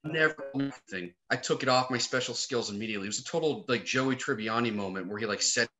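A man's voice: medium pitch, quick pace, a crowd in the background. A man, a podcast guest who is an actor and comedian, telling funny stories in casual chat, swearing freely and acting out what people said. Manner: animated storyteller, swears freely, acts out quotes.

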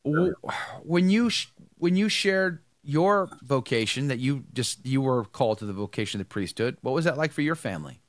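A man's voice: medium pitch, lively intonation, normal speed, no echo. A man hosting a live show, greeting viewers by name and chatting with a priest guest. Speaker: host. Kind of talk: livestream greetings and chat.

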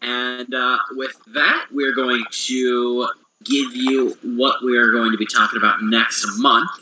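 A man with a mid-range voice hosting a podcast, closing out the episode in loose, jokey chat. He swears often and keeps the patter rambling. A clear hiss of noise sits under the recording. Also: mid-range voice, flat delivery, slow. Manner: profane, jokey wrap-up patter. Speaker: podcast host. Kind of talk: casual chat.

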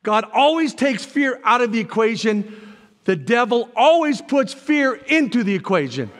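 Man, pastor; high voice, lively preaching, reverberant sanctuary. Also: moderate pace. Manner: animated preaching, jumps to shouts when voicing God; folksy asides to the congregation. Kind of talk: sermon.

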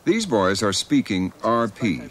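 A man's voice: fairly low pitch, big pitch swings, measured pace, a little hiss or hum. A man giving scripted documentary narration.

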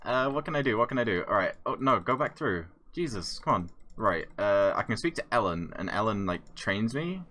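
A man giving live gameplay commentary, chatty and excitable, thinking aloud with lots of fillers. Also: on the low side. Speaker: gamer.

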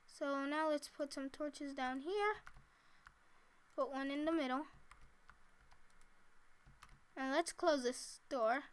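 A woman's voice: sits high, takes it slowly, long pauses. A woman casually talking to herself while she plays a building game, chatty and giggly. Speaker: gameplay commentator. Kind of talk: casual let's-play commentary.

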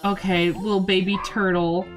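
Young woman, game streamer, excitable casual chatter, swears freely, talks to chat and on-screen characters, mid pitch. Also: normal speed, faint music behind. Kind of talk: casual gameplay commentary.

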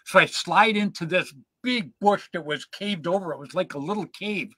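A man hosting a show, telling casual stories in an animated, chatty way and checking in with "right?" and "man". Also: sits high, normal speed, no echo. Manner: animated yarn-spinner, peppers lines with "man" and "right?". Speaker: show host. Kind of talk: casual storytelling chat.

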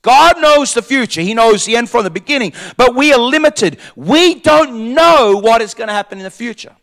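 Preaching a sermon in church at a moderate pace, a pastor uses a very high voice for a man with lively intonation. Key lines come back again and again for emphasis, rising to shouts and falling to quiet asides.

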